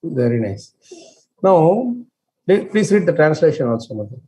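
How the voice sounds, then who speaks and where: A man leading an online scripture class. He explains with many fillers and restarts and chants verses very slowly. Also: a little high, sing-song, mellow. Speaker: scripture study teacher.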